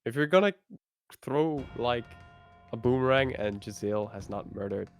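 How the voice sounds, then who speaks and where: A man's voice: mid-range voice, moderate pace, faint music behind. A man co-hosting a game playthrough, reading dialogue aloud between playful chat and frequent laughs. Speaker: let's play co-host.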